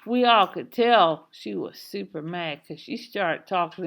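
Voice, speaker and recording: A woman reading a children's novel aloud in a slow, expressive storytelling manner. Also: on the low side. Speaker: reader.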